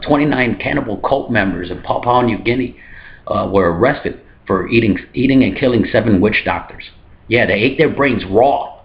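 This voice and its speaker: A man hosting a satirical comedy news monologue in a hotel room, delivering deadpan jokes and now and then jumping into high mock voices. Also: lo-fi sound. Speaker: comedy news show host.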